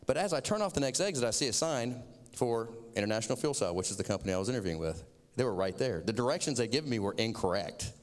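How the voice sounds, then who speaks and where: A man's voice: mid-range voice, clear, resonant tone, in a large hall. A man from Florida with a Southern accent, giving a sermon as a chatty, self-mocking personal story.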